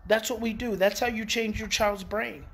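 A man and parenting educator in a casual daily talk to viewers. He is emphatic, repeats key phrases and swings in pitch. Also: steady tone, moderate pace, creaky, fairly bright tone, a little hiss or hum. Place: outdoors in the evening.

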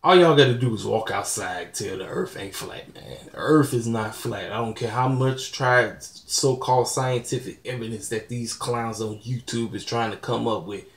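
Hosting his own channel, this young man delivers a blunt, preachy vlog rant, breaking into laughing asides now and then. He talks at a moderate pace in a mid-range voice with hardly any pauses, and the recording has a roomy echo.

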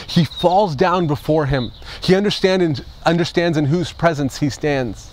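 A man's voice: fairly high pitch, moderate pace, hardly any pauses, a little mellow, a little hiss or hum. Man preaching with rhetorical questions. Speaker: pastor. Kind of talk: Easter sermon.

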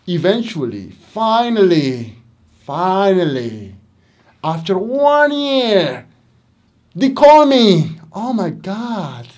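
Teacher, Moroccan accent, English lesson, slow, pitch leaps around, repeats for emphasis. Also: a little mellow. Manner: repeats words slowly, theatrical emphasis. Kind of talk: English lesson for Arabic speakers.

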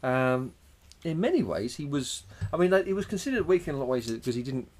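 A man's voice: fairly high pitch, big pitch swings, quick pace, a little mellow. A man co-hosting a podcast, rambling loosely through a story and swearing casually as he goes. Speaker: podcast co-host. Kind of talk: casual boozy banter.

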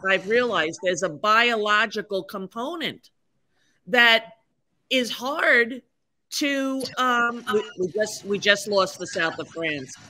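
A podcast guest in her sixties speaks slowly in a medium-pitched, sharp-toned voice. She shares candid, conversational stories frankly, with plenty of fillers and self-deprecating chat.

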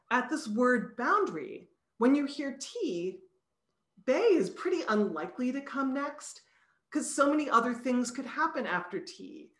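A woman's voice: medium pitch, a bit bright, reverberant. A woman, a psychology professor, giving a talk over a video call and explaining ideas patiently, sounding out syllables as examples. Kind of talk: recorded online lecture.

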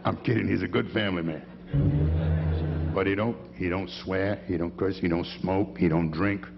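A man with a low, gravelly voice teases his bandmates and spins folksy stories between tunes, speaking into a stage microphone at an outdoor jazz festival. The audio is dull and lo-fi, with a faint hum beneath it. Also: normal speed, in a large hall, over loud music. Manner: folksy storyteller, teasing the band members. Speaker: bandleader introducing his band. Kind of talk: on-stage joke-telling and band intros.

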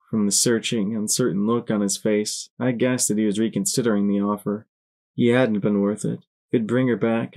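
A man giving dramatic, expressive first-person audiobook narration. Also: fairly low pitch.

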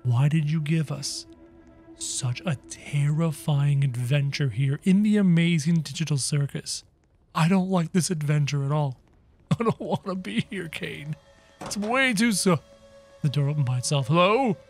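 A man hosting a gaming video, giving excited play-by-play commentary and talking straight to his viewers, often acting scared. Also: on the high side, unhurried, faint music behind. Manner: excitable, talks to viewers as guys, mock-scared.

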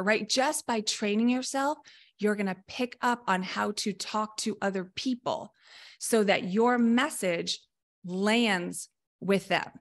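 A woman mental performance coach explaining coaching methods in a podcast discussion, energetic and emphatic, now and then acting out short coaching lines. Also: medium pitch.

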